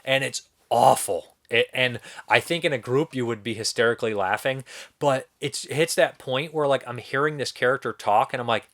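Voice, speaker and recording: A man's voice: mid-range voice, moderate pace, fairly bright tone. A young man giving a casual spoken film review, rambling and incredulous, swearing now and then. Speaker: movie reviewer.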